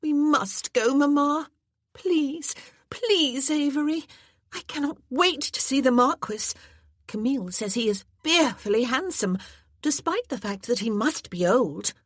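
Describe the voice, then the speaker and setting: A woman puts on an eager, excitable teenage girl from a period novel. She sounds high and pleading, and her voice rises and falls a lot. The recording is close and dry. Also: a little slow, dry recording. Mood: excited. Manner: breathless, pleading.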